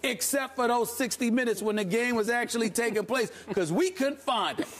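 A man making a forceful, quick case as a commentator on a sports debate show. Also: extremely high pitch.

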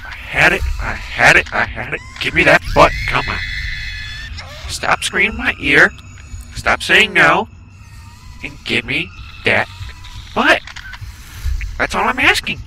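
A man commentating a horror game he is playing, joking at the screen and breaking into loud startled outbursts. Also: a little high, sing-song, unhurried, pauses often, a little hiss or hum. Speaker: gameplay commentator.

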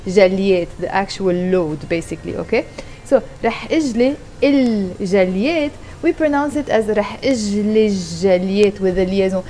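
A woman's voice: medium pitch, lively intonation, fairly quick, dark tone, a little hiss or hum. A woman giving a casual vlog language lesson from her home kitchen while doing the dishes, patiently repeating and explaining each word. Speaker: language teacher.

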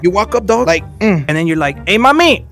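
A man playing a mock teacher in a VR game, loud, profane and full of slang as he clowns with friends. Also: fairly high pitch, expressive, quick pace, loud music behind the voice. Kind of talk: rowdy gaming banter.

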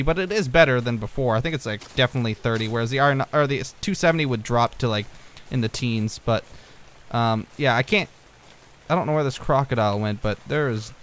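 A young man giving casual let's-play commentary, rambling and easily distracted, breaking into excited outbursts at what he finds on screen. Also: mid-range voice, slight background noise. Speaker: gaming video creator.

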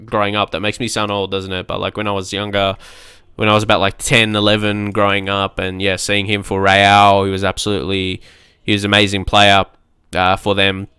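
Excitable young gaming commentator. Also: male voice, lowish voice, smooth, no room sound, clean studio sound. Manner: excitable, quick to shout at match moments, laughs at himself. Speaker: gaming YouTuber. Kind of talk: casual game commentary.

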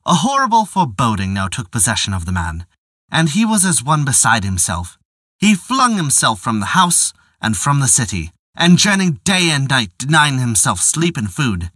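A man narrating a folk tale in a measured, old-fashioned storytelling manner. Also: medium pitch, sing-song, pushed and bright, no echo, studio quality.

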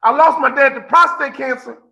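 Fifty-something guy preaching a keynote, really high pitched and sharp, keeps repeating lines. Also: normal speed, dull audio. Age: 50s. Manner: preacher-like, repeats phrases, calls out listeners by name. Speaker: motivational keynote speaker. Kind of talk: impassioned motivational keynote. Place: remote keynote on a call.

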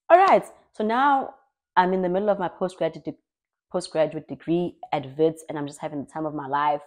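A young South African woman telling her own story in an expressive, lively way, as a personal vlog. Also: low voice. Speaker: vlogger.

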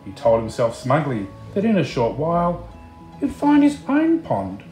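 A man reading a picture book aloud, slow and expressive, chatting to the listener between pages. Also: a little high, roomy sound, faint music behind. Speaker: storybook reader.

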